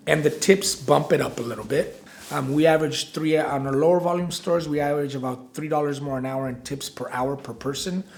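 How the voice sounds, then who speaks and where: Gravelly-voiced man in his forties. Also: mid-range voice. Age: 40s. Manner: rambling with frequent restarts and "right?" tags. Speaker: restaurant operations director. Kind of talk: casual interview storytelling.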